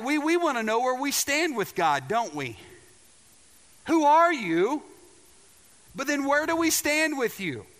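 High-voiced man preaching in a reverberant hall. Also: bright, forceful tone. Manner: emphatic preaching with repeated words and questions to the audience. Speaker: pastor. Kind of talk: sermon.

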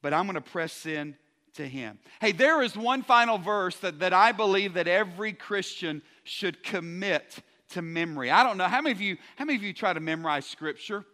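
A man delivers an energetic sermon in a high, bright voice, joking with his congregation and often restarting his words. His voice carries a long reverb, like a large church hall. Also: brisk. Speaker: pastor.

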